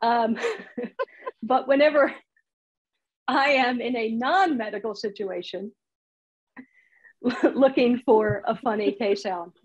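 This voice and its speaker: A slightly high, husky woman's voice leads a relaxed comedy writing workshop over a video call. She talks in a chatty way and breaks into laughter at her own examples. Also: slow, pauses often, lo-fi sound. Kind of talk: casual online workshop talk.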